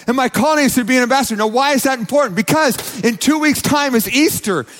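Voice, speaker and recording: A man's voice: very high-pitched, fast talker, fairly bright tone. A man preaching a sermon as pastor, emphatic and repeating his phrases. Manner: emphatic, repeats phrases, quotes people in acted voices. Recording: long reverb of a church hall.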